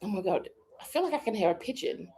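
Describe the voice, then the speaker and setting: Fast and expressive, a British woman's mid-range voice carries a dark tone as she responds to viewers in a live chat. She's from the United Kingdom, keeps things casual, and laughs a lot while thinking aloud.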